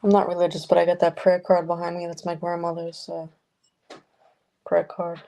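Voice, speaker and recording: A woman's voice: lowish voice, monotone, moderate pace, creaky, mellow, slight background noise, poor audio. A woman hosting a loose, rambling livestream chat from her home, talking casually with viewers and swearing freely. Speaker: livestream host. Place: home room with a noisy fish tank.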